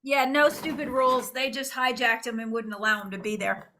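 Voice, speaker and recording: A woman's voice: fairly high pitch, level tone, brisk, pushed and bright, a little hiss or hum. A woman co-host on a tarot show who cuts in with friendly interjections and corrections. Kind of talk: casual group chat.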